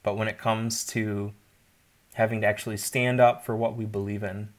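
Man, lowish voice, informal Bible teaching, conversational asides. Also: little pitch movement, moderate pace.

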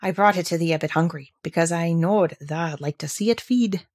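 A woman's voice: fairly low pitch, normal speed, a little mellow, close to an everyday voice. A woman reading aloud and voicing a friendly country boy from the moors who talks in an easy, homely way. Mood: easygoing.

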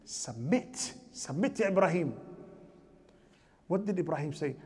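A man's voice: on the high side, expressive, moderate pace, mellow, slightly rough. A man giving a mosque lecture as imam, asking the audience rhetorical questions and chanting scriptural verses in a raised voice.

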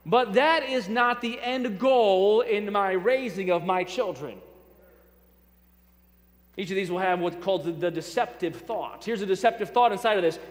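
Man, pastor, sermon, emphatic repetition, high-pitched, long church reverb. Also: unhurried. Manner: emphatic, repeats key phrases for effect; addresses congregation directly, light humor. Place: church sanctuary.

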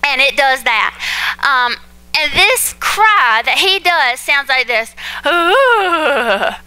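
Bright, lively young woman preaching. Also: high voice, takes it slowly, poor audio. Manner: chatty, animated, addresses congregation as y'all. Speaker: pastor's wife preaching. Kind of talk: sermon with personal stories.

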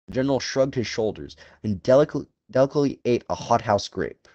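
Expressive male audiobook narrator. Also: medium pitch, dry recording, dull audio. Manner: measured, dramatic reading.

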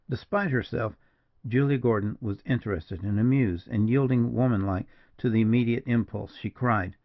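A man narrating a classic novel in a measured, even-paced reading. The recording is dull and lo-fi. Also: medium pitch. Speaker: audiobook narrator. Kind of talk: scripted narration.

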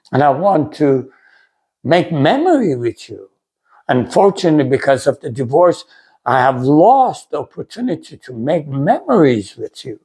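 Earnest middle-aged man, lively pitch. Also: breathy edge. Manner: earnest, halting, many fillers and restarts. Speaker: pastor, ministry video host. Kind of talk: personal testimony talk.

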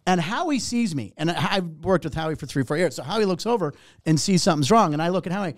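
A middle-aged man, a comedian and warm-up host, telling an animated, profane story and acting out other people's lines. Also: high-pitched, fast talker, no echo, clean studio sound. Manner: animated, profane, acts out other voices in anecdotes. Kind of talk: casual storytelling.

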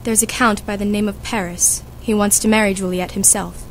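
A woman's voice: mid-range voice, fairly even intonation, a little hiss or hum, lightly acted. A woman playing a fussy, chatty old nurse who complains and teases, reading for a school audiobook. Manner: complaining, teasing, drawn-out.

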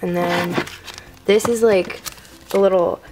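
A woman's voice: fairly low pitch, steady tone, slow pace, background noise. A teenage girl giving a rambling, filler-heavy room-tour vlog to a handheld camera in her bedroom. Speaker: vlogger.

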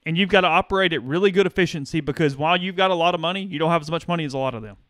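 A man's voice: on the high side, racing, no echo, clean studio sound. A man co-hosting a sports call-in show, chatting and wisecracking while juggling callers. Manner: animated, wisecracking. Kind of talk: casual chat.

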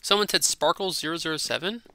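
A high, very bright and smooth man's voice chatters excitedly over gameplay. He is a silly gaming host who repeats his lines, recorded dry and close on a desk mic. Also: fast talker, no echo. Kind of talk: casual gameplay commentary.

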